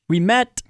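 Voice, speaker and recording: A man's voice: no room sound, studio quality. A young adult man, a comedian, telling a personal story in casual chat, rambling and self-deprecating with many restarts. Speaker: comedian guest.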